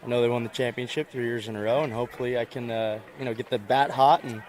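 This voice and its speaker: Brief: young male college ballplayer, monotone, low-key, modest answers. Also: fast talker, rough recording. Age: young adult. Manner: laid-back, filler-heavy, modest. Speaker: college baseball player. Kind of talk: postgame-style player interview.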